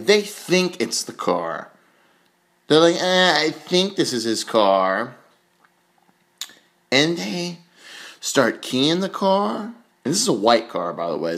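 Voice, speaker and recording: A young man spinning a long, loose anecdote on his podcast. He rambles with plenty of fillers and pokes fun at himself. His voice sits at an ordinary middle pitch. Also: a bit bright. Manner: rambling, self-mocking storyteller with many fillers. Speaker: podcast host. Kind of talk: casual storytelling.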